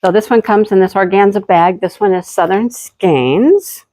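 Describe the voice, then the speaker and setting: A woman's voice: medium pitch, moderate pace, mellow. A woman chatting casually to her viewers as she unboxes and shows yarn deliveries for her craft channel. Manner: chatty, talks directly to viewers.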